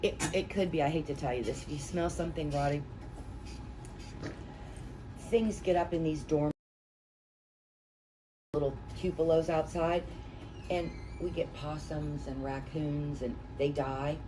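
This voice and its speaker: In a deep voice with fairly even intonation, a middle-aged woman runs a classroom real estate training, taking a measured pace and long pauses. She tells folksy anecdotes to a small group in a chatty manner, recorded from a distance with room noise audible.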